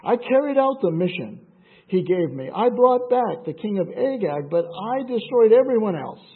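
A man reading the part of a defensive king making excuses, with a husky voice over a tinny line. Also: high-pitched, sing-song, normal speed, pitched above the performer's own voice, full character voice. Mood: insistent. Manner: insisting, self-justifying. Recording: tinny phone-like sound.

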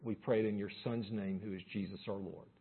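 A man's voice: on the low side, fairly even intonation, brisk, husky, narrow, tinny audio. A man preaching a sermon and reading scripture aloud, building force as he reads. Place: church service room.

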